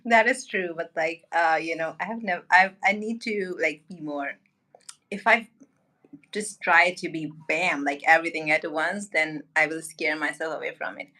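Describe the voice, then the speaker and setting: A woman's voice: low-pitched, measured pace, pushed and bright. A woman in her thirties, a guest on a live stream chat, who laughs often and talks a little shyly. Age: 30s. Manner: giggly, shy.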